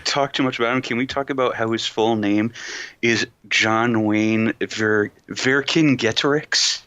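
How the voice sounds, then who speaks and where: A man's voice: medium pitch, bright, forceful tone, dry recording, highs cut off. A man co-hosting a podcast, chatting casually and often restarting his sentences. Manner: halting, repeats words as he starts. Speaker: podcast co-host. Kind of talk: casual chat.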